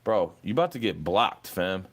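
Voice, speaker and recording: A man's voice: deep voice, big pitch swings, moderate pace. A young man ranting at a commenter, profane and confrontational, repeating "bro" as he lectures and threatens. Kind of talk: angry rant at a commenter.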